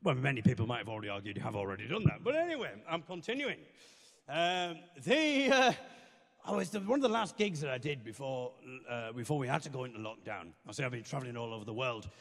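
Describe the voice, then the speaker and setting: British stand-up, dry self-mocking delivery, bright voice with a gravelly edge, echoing hall. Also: male voice, medium pitch, big pitch swings, fast. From Britain. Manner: dry, self-deprecating, wry asides. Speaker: stand-up comedian. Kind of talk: comic song then stand-up. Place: university venue stage. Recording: live in a reverberant hall.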